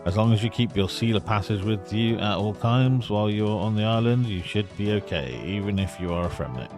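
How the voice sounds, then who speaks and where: A man's voice: fairly low pitch, brisk, over music, lightly acted. A man playing a pompous ship captain. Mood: haughty. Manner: formal, condescending.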